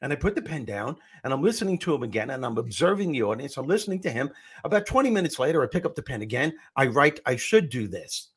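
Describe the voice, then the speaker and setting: A middle-aged man with a husky voice and an ordinary pitch, a comedian telling animated stories in an interview. He acts out the lines he quotes. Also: quick pace. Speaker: comedian and motivational speaker guest. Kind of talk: storytelling interview answer.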